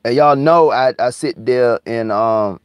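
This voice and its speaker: A man ranting angrily and profanely on his live stream, repeating himself and sometimes drawling words out slowly. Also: medium pitch, smooth, dry recording, studio quality. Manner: heated, profane, repetitive, drawling slowdowns. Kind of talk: angry conspiracy rant on a live stream.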